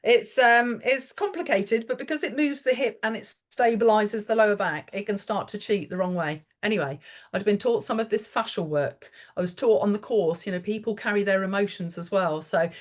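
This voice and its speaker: A woman therapist speaking as a podcast guest, animated and chatty, acting out quoted voices as she tells stories. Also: mid-range voice, moderate pace. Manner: animated storyteller, acts out quotes. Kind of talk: podcast interview.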